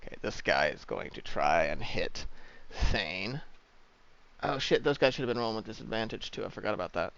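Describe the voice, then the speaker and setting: Brief: male game master, gravelly, casual, dull lo-fi mic. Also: fairly low pitch, animated, normal speed, a bit bright. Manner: casual, swearing, distracted by a cat. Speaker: dungeon master. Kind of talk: running a tabletop game over voice chat.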